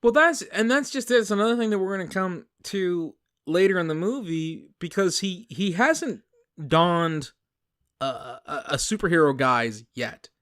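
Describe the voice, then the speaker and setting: Male podcast co-host, casual and animated, slightly high, dry booth sound. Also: a little slow, dry recording. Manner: animated, jokey recaps with sudden pitch jumps. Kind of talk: casual movie-review chat.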